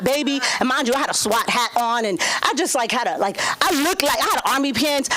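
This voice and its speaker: A woman in her thirties doing a brash, profane stand-up set at an open mic, jumping into squealing high voices for the people she quotes. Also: a bit bright, a little hiss or hum, low-quality recording. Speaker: stand-up comedian. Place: comedy club stage.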